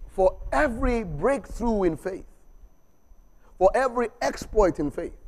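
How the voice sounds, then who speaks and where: A man preaching a sermon in church, exhorting with call-and-response, repeated refrains and humorous asides. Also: sits high. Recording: long reverb of a church hall.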